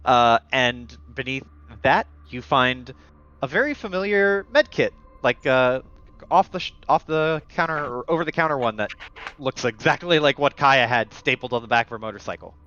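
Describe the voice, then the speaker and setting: Game master with a muffled mic. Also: male voice, medium pitch, lively intonation, moderate pace, bright, forceful tone. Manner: loose, rambling narration with restarts. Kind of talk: narrating a tabletop game.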